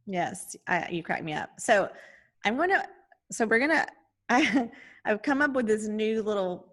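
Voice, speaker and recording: Casual co-host, middle-aged woman, giggly and punny, lively voice. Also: medium pitch, measured pace. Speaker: podcast co-host. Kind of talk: casual chat.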